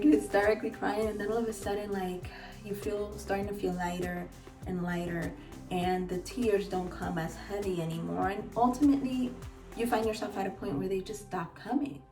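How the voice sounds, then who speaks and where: A woman life coach talking earnestly and gently about her own experience, coaching her viewers. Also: medium pitch, fairly even intonation, moderate pace. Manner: earnest, gentle, coaching tone with repeated urging phrases. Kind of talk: personal reflective vlog talk. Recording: echoey room, voice a bit far from mic, faint music.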